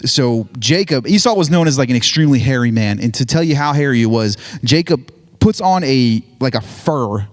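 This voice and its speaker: A man's voice: mid-range voice, expressive, normal speed, hardly any pauses. A man giving a casual, joking sermon, retelling a Bible story with lots of "like" and "right?". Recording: hall reverb on voice.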